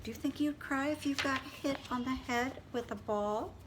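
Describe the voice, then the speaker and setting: A woman reading a picture book aloud to children in an animated, expressive way, sometimes dropping to a whisper. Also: sits high, moderate pace, noisy background. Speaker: children's storyteller.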